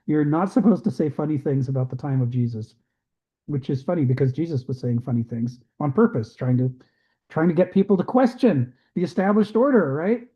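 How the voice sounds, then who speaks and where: A man with a fairly high voice leads an online discussion over a video call. He explains in an easy lecture style and slips into little voices for quotes. The audio is dull and lo-fi. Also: fairly quick. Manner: animated, acts out quoted voices. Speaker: host of an online discussion group. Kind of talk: casual lecture-style chat.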